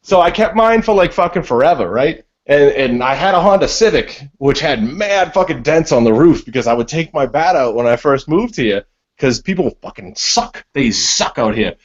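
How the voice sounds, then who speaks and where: A man from Massachusetts telling stories on a group video call, animated and full of swearing. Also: a little high, normal speed. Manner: profane, animated storytelling. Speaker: panelist. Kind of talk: casual storytelling on a group call. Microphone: online video call. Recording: dull lo-fi call audio.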